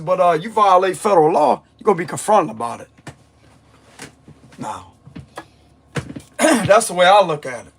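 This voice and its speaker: A man's voice: high voice, animated, moderate pace, creaky, pauses often, husky. A man giving a blunt, emphatic tarot reading monologue, repeating his points with a strained voice. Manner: forceful, emphatic, repeats himself. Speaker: tarot reader.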